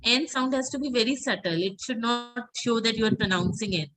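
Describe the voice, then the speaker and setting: A woman teaching an online French class, patiently repeating words slowly so students can drill them. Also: a little high, over music, poor audio.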